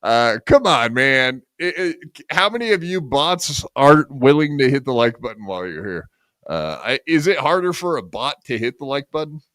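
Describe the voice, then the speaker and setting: A man's voice: mid-range voice, normal speed, no echo, clean studio sound. A man hosting a podcast in casual chat, joking and mocking himself. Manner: joking, self-mocking, lively delivery. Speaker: podcast host.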